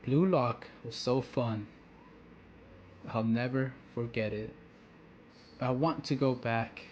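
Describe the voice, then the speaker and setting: A man voicing a listless, empty teenage boy striker full of regret, read aloud quietly and flatly from a manga. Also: medium pitch, takes it slowly, muffled recording, a little hiss or hum, natural voice. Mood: regretful.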